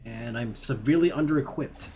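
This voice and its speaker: A man's voice: medium pitch, a little fast, a little mellow, slight background noise. A man from Canada giving chatty, self-mocking commentary as he plays a video game. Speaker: streamer. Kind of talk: casual gameplay commentary. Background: faint game music.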